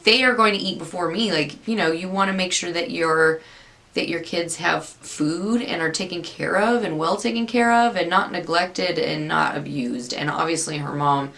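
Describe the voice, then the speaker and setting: A woman's voice: fairly low pitch, moderate pace, gravelly, a bit bright. A woman giving a casual, rambling recap of a TV episode, often interrupting herself as she retells it. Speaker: TV episode reviewer.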